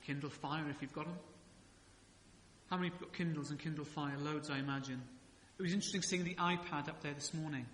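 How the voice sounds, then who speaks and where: Male pastor, sermon delivery, bright voice sitting a bit high, relaxed asides and rhetorical questions, church hall reverb. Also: fast talker, slight background noise. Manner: conversational preaching with rhetorical questions and humorous asides. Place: church sanctuary.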